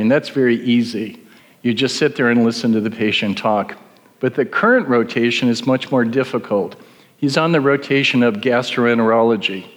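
Wry preacher in an echoing hall. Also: male voice, mid-range voice. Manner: wry, conversational storyteller. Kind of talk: sermon with an illustrative story. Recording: long hall reverb.

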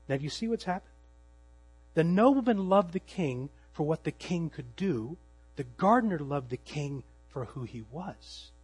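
A man preaching a sermon, telling the story dramatically and swinging from loud emphasis to hushed tones. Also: medium pitch, breathy edge, low-quality recording. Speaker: pastor. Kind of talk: expository sermon.

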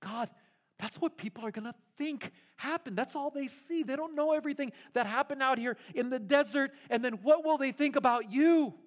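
A man's voice: very high-pitched, normal speed, pitched above the performer's own voice. A pastor acting out Moses as an exasperated man pleading with God, indignant and incredulous.

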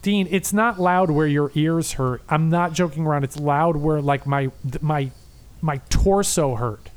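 Excitable swearing man telling a story. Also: fairly high pitch, a little slow, clean tone. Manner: excitable storyteller, heavy swearing, acts out quoted dialogue. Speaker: podcast co-host. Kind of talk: casual chat.

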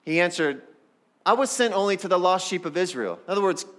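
A pastor preaching a sermon in a fairly high voice for a man. He talks to the congregation as if chatting with them. Now and then he acts out the people in the story. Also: expressive, a little fast, a bit bright. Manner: conversational, talks straight to the congregation.

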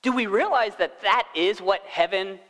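High-voiced man preaching in a church hall. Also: moderate pace, a bit bright. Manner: conversational, asks the congregation questions. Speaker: pastor. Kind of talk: sermon.

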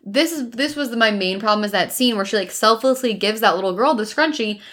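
A woman's voice: a little high, lively intonation, fairly quick, fairly bright tone. A young woman co-hosting a podcast, chatting casually and enthusiastically with lots of swearing and fillers. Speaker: podcast co-host. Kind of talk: casual chat.

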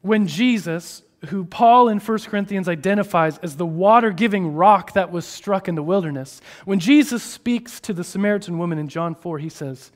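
A man preaching a sermon, moving between hushed, drawn-out phrases and raised, emphatic ones. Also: sits high. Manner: expressive, shifting between hushed and raised delivery.

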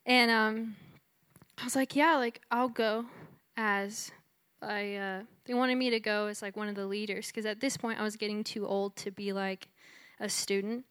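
A woman's voice: medium pitch, fairly even intonation, normal speed, a bit bright, clear, resonant tone, dry recording. A woman from Texas giving a conversational testimony in a sermon, telling her story with lots of "like" and "you know". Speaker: speaker sharing her testimony.

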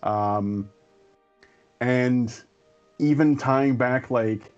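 A man co-hosting a casual geek podcast, laid-back and profane, with animated asides. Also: medium pitch, extremely slow, highs cut off, soft background music. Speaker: podcast co-host.

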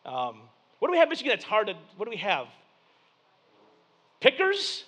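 A man, preaching a sermon with animated storytelling and acted-out voices. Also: sits high, very fast, husky. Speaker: pastor.

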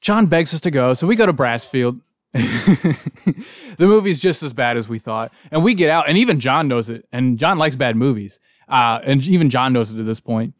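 A man cracks crude jokes and tells stories among friends, laughing between lines. His voice sits at an ordinary middle pitch. The sound is dry and close, with little room around it. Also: expressive, moderate pace, no echo. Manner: crude joking storyteller, laughs often. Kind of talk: casual chat among friends.

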